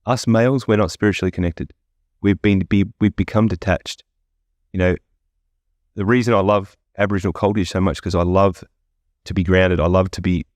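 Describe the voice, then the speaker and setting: Deep-voiced aussie guy rambling on his podcast, high on edibles, swears a lot, dry close sound. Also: a little mellow, dry recording. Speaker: podcast host. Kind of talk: casual stoner chat.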